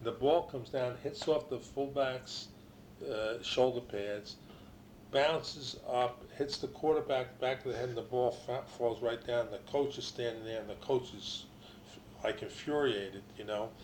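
A man's voice: mid-range voice, a little slow, darkish tone, a little hiss or hum. An older man, a former ballplayer, telling long anecdotes in a casual interview, with restarts and quoted voices.

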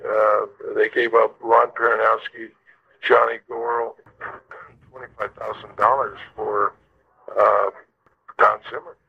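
A man's voice: on the low side, little pitch movement, measured pace, gravelly, pauses often, breathy edge. An older man, a former ballplayer, telling stories in an interview, rambling with many fillers and restarts. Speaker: former baseball player, interviewee. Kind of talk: storytelling interview. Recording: dull lo-fi recording.

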